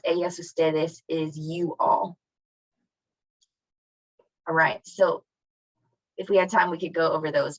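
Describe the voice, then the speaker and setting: An online Spanish class is led by a woman whose voice sits on the low side, with no room sound. Through dull, lo-fi video call audio, she encouragingly asks her students questions and compliments their answers.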